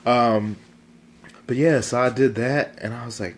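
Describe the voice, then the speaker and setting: A man's voice: mid-range voice, steady tone, unhurried. A man hosting his own video talk show, chatting casually and goofily with a stuffy, congested throat and lots of fillers, recorded on a phone. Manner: chatty, goofy, rambling with fillers. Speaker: vlog host.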